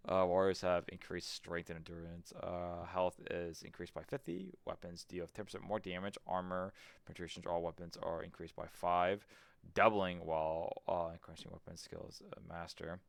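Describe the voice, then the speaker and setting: A man's voice: deep voice, moderate pace, vocal fry, smooth, no echo. A man streaming a game, thinking aloud, swearing casually and reading menu text as he goes. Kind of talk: casual let's-play commentary.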